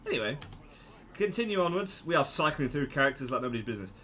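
A man giving casual gameplay commentary, excitable, yelping and joking as he plays. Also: on the high side, rapid-fire, a little hiss or hum.

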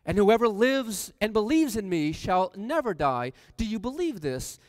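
Male preacher, high and smooth, reads scripture and quizzes the congregation, dry close mic with a long church reverb tail. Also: sing-song, measured pace, darkish tone. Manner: reads scripture aloud, then asks the congregation questions. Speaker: pastor. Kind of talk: sermon. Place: church sanctuary.

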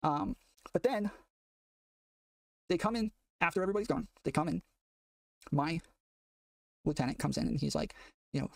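A man telling a long story in casual chat, rambling with many fillers and getting excitable, recorded from a distance off the mic. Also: a little high, normal speed, vocal fry, long pauses, no echo. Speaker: guest telling a prison story.

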